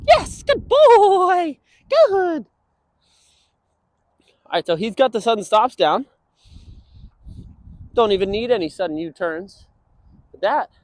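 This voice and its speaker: A young man training a dog, explaining casually and breaking into high sing-song praise for it. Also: moderate pace, long pauses, no room sound. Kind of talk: instructional walk-and-talk.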